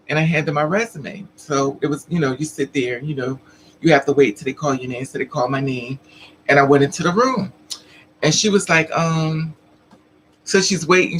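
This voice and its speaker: Chatting with her live chat, a trans woman vlogger tells a casual story, frequently laughing and performing the other characters' lines. Her voice is low, and the poor audio carries a little hiss or hum.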